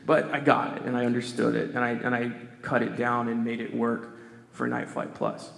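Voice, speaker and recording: Middle-aged man, gravelly voice, animated casual panel storyteller, echoey convention hall sound. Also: mid-range voice, moderate pace. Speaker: panel speaker.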